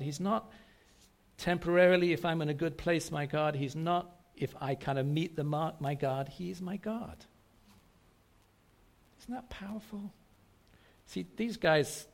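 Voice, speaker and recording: A man's voice: on the high side, gravelly. A man preaching a sermon to a congregation, emphatic and repetitive, often asking rhetorical questions. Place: church service.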